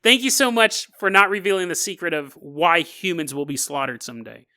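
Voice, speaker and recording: A man's voice: on the high side, brisk, pushed and bright. A man voicing a smug male alien from Venus who delivers threats in a breezy, offhand way.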